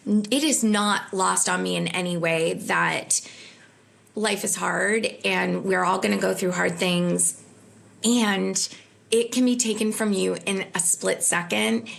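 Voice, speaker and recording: A woman's voice: medium pitch, a little slow, vocal fry, a bit bright, slight background noise. A woman comedian being interviewed, telling candid stories in an earnest, self-deprecating way. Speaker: comedian guest. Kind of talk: conversational interview.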